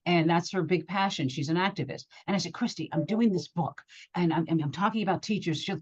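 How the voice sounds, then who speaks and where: A middle-aged woman from Georgia, a journalist talking as an interview guest, telling stories in an animated way and acting out what people said. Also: fairly low pitch, quick pace, slightly rough, dull audio. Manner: animated storyteller, acts out quotes. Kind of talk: interview conversation.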